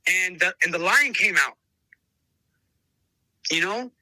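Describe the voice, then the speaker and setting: A man's voice: high-pitched, lively intonation, slow, bright, forceful tone, dry recording, rough recording. A man who breeds dogs, telling stories in a casual interview and acting out both sides of past conversations, often calling the listener brother. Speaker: dog breeder.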